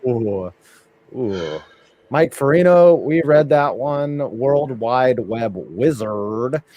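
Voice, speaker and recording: A man's voice: medium pitch, animated, takes it slowly, warm tone, no echo, lo-fi sound. A man hosting a casual live reaction stream, joking around and reading viewer messages aloud. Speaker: livestream host.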